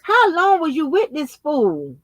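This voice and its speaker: High-voiced woman reacting with shock. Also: huge pitch swings, a little slow. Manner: short reactions, shocked questions. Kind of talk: casual chat.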